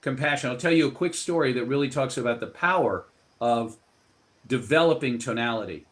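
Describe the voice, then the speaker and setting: A man's voice: medium pitch, a little fast. Expansive storytelling male guest. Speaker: guest author. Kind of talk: interview storytelling.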